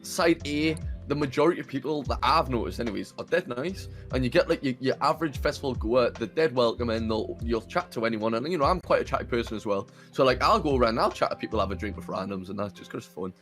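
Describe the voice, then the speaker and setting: A man's voice: mid-range voice, animated, quick pace, few pauses, a bit bright, soft background music. A young man from northern England hosting a podcast, chatting casually, sweary and laughing through his stories. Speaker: podcast host. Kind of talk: casual chat.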